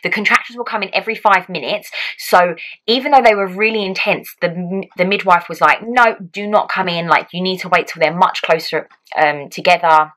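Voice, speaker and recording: A young woman vlogger telling a personal story to camera in a chatty, animated way, acting out what people said. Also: on the low side, fairly quick, poor audio. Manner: chatty, animated, acts out quotes. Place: home.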